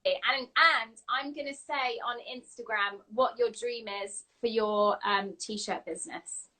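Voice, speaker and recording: A woman's voice: a little high, a little slow, pushed and bright. A woman with a British accent hosting a live online interview in an upbeat, encouraging, chatty way. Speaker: show host.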